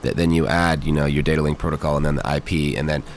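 A man's voice: very deep voice, steady tone, fast, slight background noise. A man with a stuffy nose, a developer being interviewed, explaining technical things eagerly with many fillers. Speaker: guest, software developer. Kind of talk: casual interview chat.

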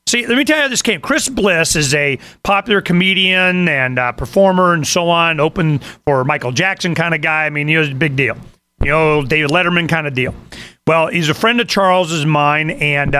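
A male radio host talks in a loose, rambling way, full of fillers and side remarks. His voice sits a little high for a man and has a bright, forceful ring to it. It sounds like an easygoing call-in show monologue. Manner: rambling, conversational, many fillers and asides. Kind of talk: casual talk radio monologue.

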